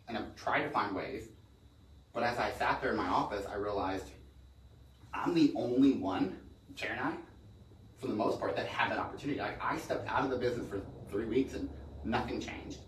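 A man's voice: mid-range voice, a bit bright. A middle-aged man in real estate, telling rambling stories in a casual podcast conversation, often restarting his sentences. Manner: fast, rambling storyteller with frequent restarts. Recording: echoey room, mic at a distance.

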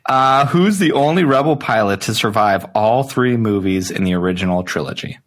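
A man's voice: fairly low pitch, normal speed. A man co-hosting a casual podcast trivia game, playful and teasing. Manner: playful, teasing, laughs easily. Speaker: quiz co-host.

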